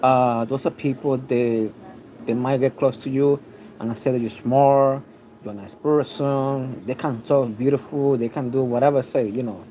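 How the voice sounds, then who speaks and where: A man's voice: mid-range voice, steady tone, normal speed, warm tone, a little hiss or hum, low-quality recording. A man with a mixed New York City accent giving a rambling, opinionated talk on a livestream, full of restarts and fillers. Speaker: online video host.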